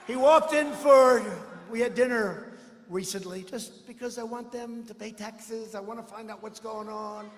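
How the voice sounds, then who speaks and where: A man's voice: very high-pitched, unhurried. Boastful man rambling through an echoing arena. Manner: boastful, rambling, mocking asides. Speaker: politician at a rally. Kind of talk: campaign rally speech. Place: large indoor arena. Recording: echoey arena with long reverb.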